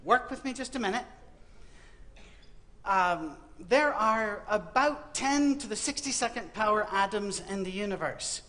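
Speaking to students, a West Virginia-accented preacher delivers a funny sermon full of stories and deadpan, wry punchlines. His high, bright voice is expressive and forceful, and he goes a little slowly.

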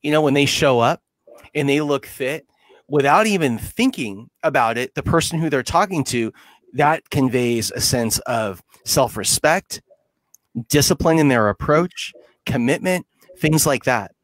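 A man's voice: medium pitch, expressive, unhurried, no room sound. A man hosting an interview series who speaks reflectively and poses questions to his audience. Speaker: host.

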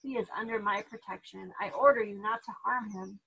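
A woman's voice: medium pitch, steady tone, fairly quick, gravelly, bright, forceful tone, breathy edge, exaggerated voice, poor audio. A woman voicing a young boy emperor who speaks in a proud, formal way. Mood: commanding. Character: young boy emperor, sulky then commanding.

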